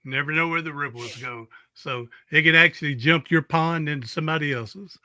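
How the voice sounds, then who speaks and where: A man's voice: a little high, fairly quick, bright, forceful tone, no room sound, clean studio sound. A man with a Southern US accent hosting a podcast in casual interview chat, drawling and chatty. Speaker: podcast host.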